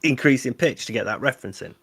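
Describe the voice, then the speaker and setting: A man joining a casual online chat, cracking deadpan jokes. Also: mid-range voice, fast, creaky, crowd noise.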